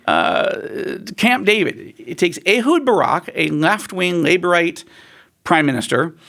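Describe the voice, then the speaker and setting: A man's voice: sits high, animated, unhurried, gravelly, fairly bright tone. A man speaking as a guest in an interview, telling stories animatedly and acting out quoted voices. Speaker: guest author.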